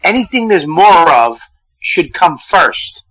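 Loud profane Boston man. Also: fairly high pitch, very animated, slow pace, no echo, poor audio. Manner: profane, loud and argumentative, keeps interrupting. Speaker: guest comedian calling in. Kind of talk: casual phone-in banter. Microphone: phone call.

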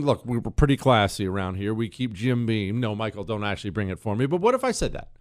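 Animated man hosting talk radio. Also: lowish voice, fast, few pauses, dry recording, clean studio sound. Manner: animated storytelling with mock quotes and rhetorical questions. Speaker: radio talk show host. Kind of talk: political talk radio monologue. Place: radio studio. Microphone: studio microphone.

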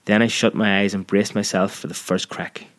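A man narrating a story in a measured, vivid storytelling manner. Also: on the low side, flat delivery, fairly bright tone. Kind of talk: scripted audiobook narration.

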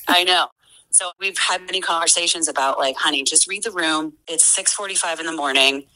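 A woman's voice: low-pitched, moderate pace, bright, forceful tone, low-quality recording. A woman in her forties talking earnestly as a podcast guest, with many fillers and restarts. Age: 40s. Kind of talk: casual conversation.

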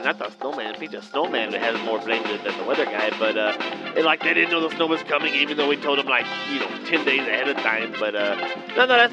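A man's voice: on the high side, close to an everyday voice. A man playing a laid-back weatherman, rambling with Spanish slang. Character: laid-back Mexican-American male weatherman. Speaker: weather segment presenter. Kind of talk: comic character bit. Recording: lo-fi with loud music underneath.

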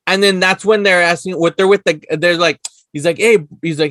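A man co-hosting a podcast in casual chat, animated and laughing often as he acts out scenes. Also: high-pitched, fairly quick, dry recording, studio quality. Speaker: podcast co-host. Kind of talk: casual chat recapping a show.

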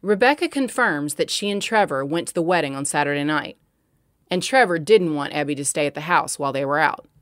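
A woman narrator giving a measured scripted read. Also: low-pitched, lively intonation, dry recording, studio quality.

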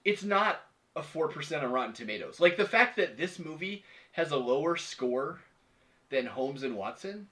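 Bright-voiced man chatting on a podcast. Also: a little high, normal speed. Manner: animated, laughing, acts out quotes. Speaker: podcast co-host. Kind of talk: casual movie review chat.

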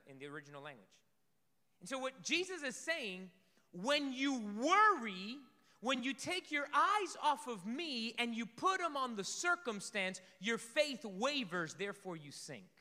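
Animated preaching man in a reverberant hall. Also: very high voice. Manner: animated, swings between loud emphasis and soft asides. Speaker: pastor. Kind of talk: sermon. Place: church sanctuary. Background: congregation.

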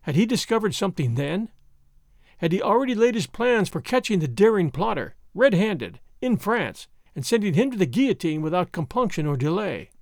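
A man's voice: high voice, big pitch swings, normal speed, dry recording. Man, audiobook narrator, dramatic storybook reading, theatrical, dry close sound.

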